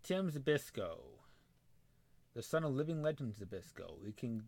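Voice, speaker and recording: A man's voice: mid-range voice, big pitch swings, measured pace, darkish tone, no room sound. A young man, casually thinking aloud and muttering as he plays a wrestling management game, talking to the characters on screen. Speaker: gameplay commentator. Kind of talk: casual let's-play commentary.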